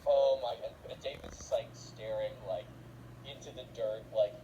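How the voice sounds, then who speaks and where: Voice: mid-range voice, expressive, moderate pace, mellow, dull audio, a little hiss or hum. A storyteller telling a funny story in a rambling, casual way, full of fillers.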